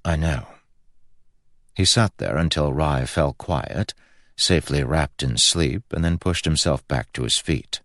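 A man narrating a fantasy novel in a measured, even storytelling manner. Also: a bass voice, dry recording, clean studio sound. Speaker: audiobook narrator. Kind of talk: scripted narration.

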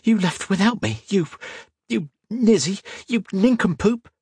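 A bold young woman, put on by a male reader, pitched high and lively. She scolds and teases in quick bursts, with a slightly husky edge. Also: no echo, clean studio sound, exaggerated voice. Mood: scolding. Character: feisty young woman, sharp-tongued and bold.

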